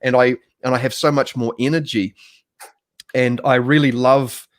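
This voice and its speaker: A man's voice: medium pitch, steady tone, normal speed. A man from New Zealand hosting a casual livestream conversation, talking in a rambling, hesitant way with many restarts. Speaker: host.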